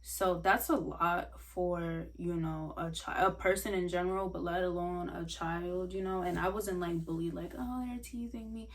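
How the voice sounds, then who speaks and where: Halting young woman, low voice, far mic. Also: level tone. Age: young adult. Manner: halting, many "like" fillers, soft and earnest. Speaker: vlogger sharing a personal story. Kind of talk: casual personal storytelling.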